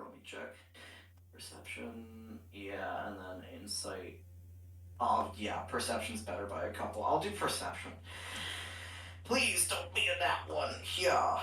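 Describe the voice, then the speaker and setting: A woman's voice: a bass voice, fairly bright tone. A woman playing a tabletop game, chatting casually and animatedly, often laughing and repeating herself. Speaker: player. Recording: roomy, distant mic.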